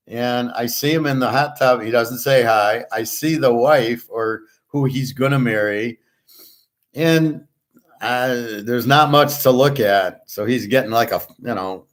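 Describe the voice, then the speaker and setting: A man hosting a show in a casual, rambling monologue, blunt and profane, often restarting his sentences. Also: medium pitch. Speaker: show host.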